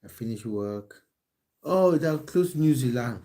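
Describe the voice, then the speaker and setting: A football coach streaming live from his English home reads out viewer comments on his phone in loose, casual chat. His mellow, mid-range voice has lively intonation and runs a little slow, and he's hesitant, restarting sentences and filling silences with ums.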